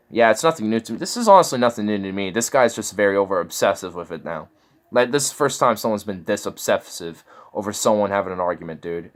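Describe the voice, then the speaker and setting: A man with a fairly low voice talks through someone else's videos in a casual, sneering way. He swears often and sounds openly incredulous at what he finds. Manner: mocking, incredulous, swears a lot. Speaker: commentator reacting to videos. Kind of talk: casual reaction commentary.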